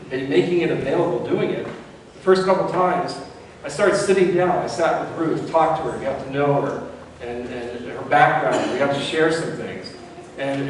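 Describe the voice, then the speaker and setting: A man preaching to a congregation in a relaxed, conversational way, full of asides and questions. He is recorded from a distance in a church sanctuary, so his voice rings with a long, roomy reverb. A faint hum of the room sits behind him. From Florida. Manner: conversational, rises in pitch when acting out voices in a story. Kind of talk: sermon. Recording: echoey church hall from far off.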